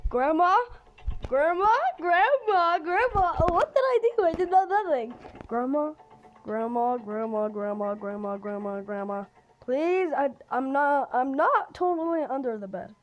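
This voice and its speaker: A woman giving excited gameplay commentary, jumping between loud outbursts and hushed whispers. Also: high voice, unhurried, dull audio, slight background noise. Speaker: game player.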